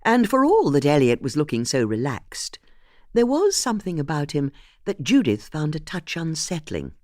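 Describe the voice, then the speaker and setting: An audiobook narrator reading a mystery novel in an expressive, scripted way. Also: medium pitch, normal speed, no echo, clean studio sound.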